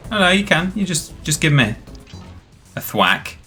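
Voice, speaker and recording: A man's voice: a little high, big pitch swings, measured pace, pushed and bright. A man hosting a live stream, giving chatty, rambling, enthusiastic commentary on the game he plays. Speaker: streamer host. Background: faint game music.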